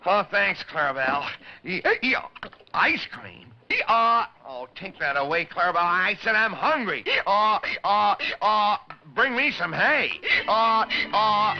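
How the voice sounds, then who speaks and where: A man's voice: sits high, lively intonation, measured pace, a little hiss or hum. A man voicing a forlorn puppet boy turned into a donkey, stammering and grunting on a 1950s children's TV show. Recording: dull old TV recording.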